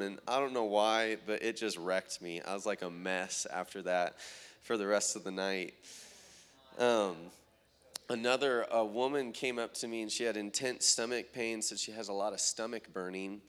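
A man telling testimonies of prayer meetings and healings, often quoting people in a raised, excited voice. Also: on the low side, moderate pace. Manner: animated retelling, quoting others in raised voice. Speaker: traveling minister. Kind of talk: testimony storytelling.

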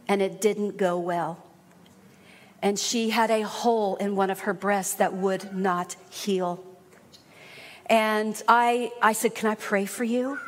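A woman preaching a sermon, telling a personal story in an earnest way and building up to shouted praise. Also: on the high side. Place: church sanctuary. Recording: long hall reverb.

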